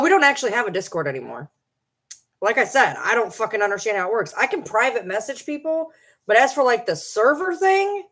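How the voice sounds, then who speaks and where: A woman's voice: a little high, fairly bright tone. A middle-aged woman hosting a casual livestream, chatting loosely with viewers, swearing casually and baby-talking to her pets. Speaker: livestream host.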